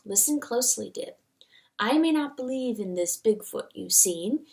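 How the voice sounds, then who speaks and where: A gentle young mother in a storybook reading, as a woman puts her on, speaking softly and soothingly. Her hushed voice sits a little higher than usual. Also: animated, normal speed. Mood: tender.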